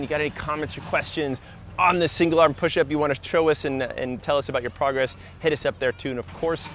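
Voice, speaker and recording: A man's voice: medium pitch, fairly bright tone, slight background noise. A man coaching runners outdoors, upbeat and instructive as he demonstrates push-ups while talking. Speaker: running coach. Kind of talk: fitness demonstration. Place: outdoors near a park.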